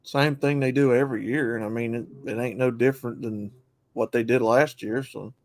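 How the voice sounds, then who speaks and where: A man's voice: mid-range voice, fairly even intonation, moderate pace. A young man chatting casually as a guest, laid-back and noncommittal, with a chuckle here and there. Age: young adult. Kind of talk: casual chat.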